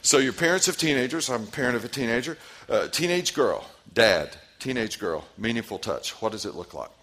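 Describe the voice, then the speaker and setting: Animated pastor with a lively voice. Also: male voice, mid-range voice, a little fast. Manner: animated, asks the audience questions and repeats their answers. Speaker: pastor leading a parenting seminar. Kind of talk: interactive seminar talk.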